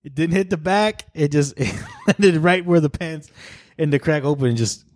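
A young man with a mid-range voice, recorded close and dry, on a casual podcast. He talks in a relaxed, unhurried way, pausing on "uh" as he thinks back. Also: fairly high pitch, dry recording. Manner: relaxed, reflective storyteller with fillers. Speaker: podcast co-host. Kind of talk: casual chat.

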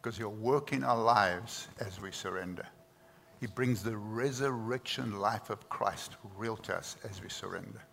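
A lowish, creaky, fairly bright voice belongs to a South African pastor in his 60s who preaches at a measured pace. He drives points home with earnest emphasis and repeated words; the hall echoes and there is faint noise.

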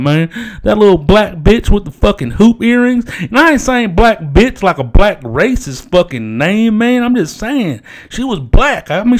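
A man's voice: a little high, natural voice. A man voicing a rambling, foul-mouthed stoner from Amarillo, hosting in character and tacking "man" onto nearly every phrase. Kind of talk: improvised comedic character monologue.

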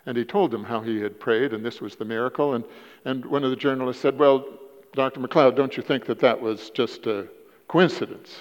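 In a church sanctuary, a male guest preacher delivers a storytelling sermon in a halting manner, using repeated words and an upward pitch to stress his points. It's a dull lo-fi church recording with a long reverb tail.

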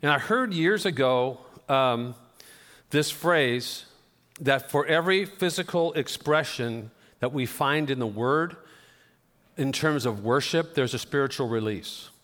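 A pastor preaching a sermon, telling conversational, self-deprecating stories. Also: male voice, mid-range voice, lively intonation, measured pace, fairly bright tone. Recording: long reverb of a church hall.

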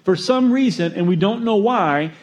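A man preaching a sermon, storytelling with jokes and acting out quotes in an animated way. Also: high voice, moderate pace, lo-fi sound. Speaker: pastor.

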